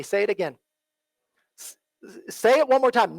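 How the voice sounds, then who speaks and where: A man preaching a sermon in a church, earnest and repetitive, often asking "right?" and dropping low and soft when he quotes. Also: big pitch swings, normal speed, vocal fry, pauses often, no echo, low-quality recording. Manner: earnest, repeats phrases, asks "right?" often. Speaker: pastor.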